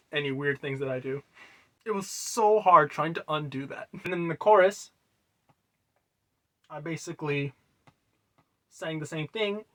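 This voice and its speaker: Man, bright crisp tone, slightly high voice, loose rambling music breakdown. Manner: rambling, loose, with many fillers and trailing quiet asides. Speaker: musician explaining his own song.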